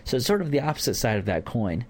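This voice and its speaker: A man's voice: medium pitch, big pitch swings, fast talker. A man teaching a conversational Bible lesson to a church group, informal with fillers. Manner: informal, with fillers and acted-out examples.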